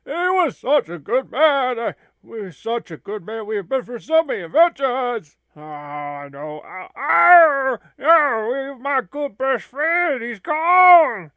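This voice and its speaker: A man voicing a distraught young man who sobs and shouts over a lost friend. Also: extremely high pitch, animated, slow pace, hardly any pauses, no echo, pitched above the performer's own voice, full character voice. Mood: grieving. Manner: wailing, sobbing, shouting.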